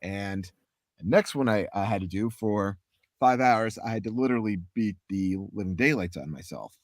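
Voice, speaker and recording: Male voice actor guest, low-pitched, lively and hands-on, voice slightly worn, dry recording. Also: normal speed, dry recording. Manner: animated, demonstrates vocal warm-ups as he talks. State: voice a little sore. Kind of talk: casual chat explaining voice acting.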